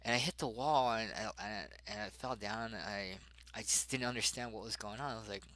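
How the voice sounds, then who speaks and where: A young adult man, a father, telling a personal story in a halting way, full of fillers and restarts. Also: fairly low pitch, sharp tone, dry recording, rough recording.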